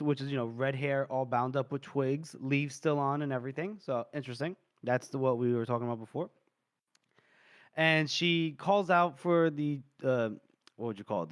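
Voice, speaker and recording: A man co-hosting a podcast who retells a story in a casual, animated way and laughs often. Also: mid-range voice, smooth, no room sound, clean studio sound. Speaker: podcast co-host. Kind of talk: casual book discussion.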